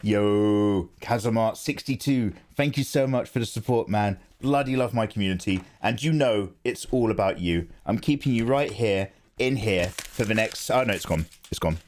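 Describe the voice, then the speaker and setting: A man's voice: lowish voice, darkish tone. A man chatting casually on a live art stream, rambling, joking and reading out his chat from home. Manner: chatty, rambling, quick to joke, reads chat aloud. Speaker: live-streaming digital artist.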